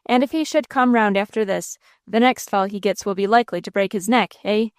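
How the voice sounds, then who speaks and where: A woman's voice: medium pitch, brisk, clean tone, no room sound, clean studio sound, natural voice. A woman voicing a hot-tempered old man in an audiobook, scolding and blustering. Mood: scornful.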